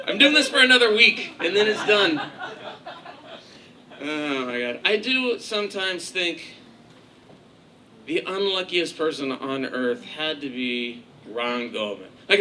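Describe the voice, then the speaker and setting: Man, stand-up comic, high voice, profane sarcastic rambling, noisy live club recording. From Kansas. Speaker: stand-up comedian. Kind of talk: stand-up comedy set. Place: comedy club stage with a laughing audience.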